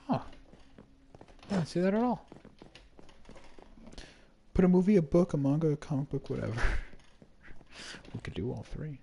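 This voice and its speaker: A man's voice: fairly high pitch, animated, moderate pace, creaky, long pauses, mellow, a little hiss or hum. A man streaming a block-building game, chatting casually and rambling to himself with jokes as he plays. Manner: rambling, jokey, talks to himself.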